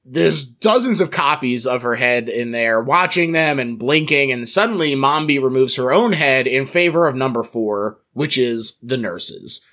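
A man's voice: mid-range voice, expressive, moderate pace, few pauses, pushed and bright. A man hosting a podcast, recapping a film's plot playfully and laughing at his own jokes. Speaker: podcast host. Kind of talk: plot recap and casual chat.

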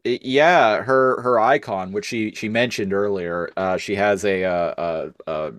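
A man co-hosting a casual podcast chat, talking in a halting way with lots of fillers, restarts and laughter. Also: fairly low pitch, fairly bright tone, dry recording, studio quality. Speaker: podcast co-host.

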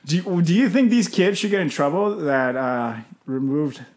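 A man's voice: fairly high pitch, expressive, moderate pace, a little mellow. A young man co-hosting a podcast, joking, swearing and laughing often in casual banter. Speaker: podcast co-host.

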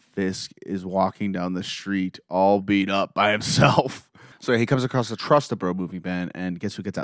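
A young man casually recapping a TV episode, reading the scenes aloud and breaking in with emotional, excited asides. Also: fairly low pitch, no room sound, studio quality. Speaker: show recapper.

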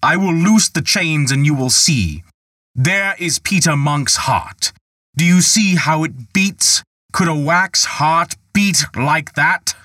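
A man's voice: mid-range voice, very animated, a little slow, a bit bright, no room sound, clean studio sound. A man voicing a sly, greedy male raftsman who deals in magic, talking in a smug, coaxing way.

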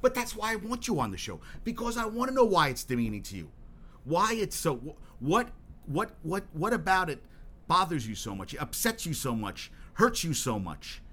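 A man's voice: on the high side, big pitch swings, moderate pace, fairly bright tone. A man hosting his own solo podcast, talking in a rambling, profane way with lots of restarts and getting worked up as he goes. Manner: worked up and emphatic. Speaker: podcast host.

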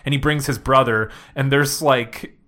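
A man's voice: mid-range voice, steady tone, measured pace, pushed and bright. A young man co-hosting a casual podcast, retelling TV scenes and mimicking the lines with laughs. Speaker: podcast co-host. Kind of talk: casual chat.

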